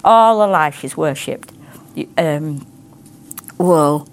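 A woman's voice: low voice, lively intonation, takes it slowly. Heartfelt woman preaching. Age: middle-aged. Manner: rambling, heartfelt, emphatic. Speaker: ministry teacher. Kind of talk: testimony and prayer.

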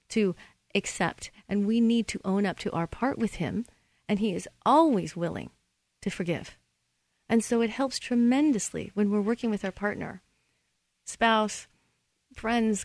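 A woman hosting a Christian relationship advice radio show in an earnest, steady, teacherly way. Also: medium pitch, dry recording.

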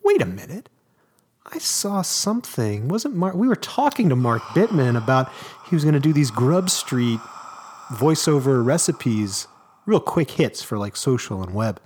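Speaking a bit slowly in a mid-range voice, this male podcast co-host tells stories with gusto and cracks jokes during the casual conversation. There's slight background noise.

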